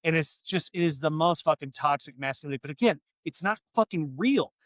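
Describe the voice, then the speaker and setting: A man's voice: fairly high pitch, expressive, brisk, dry recording. A man co-hosting a casual podcast chat, rambling, swearing a lot and getting fired up. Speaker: podcast co-host.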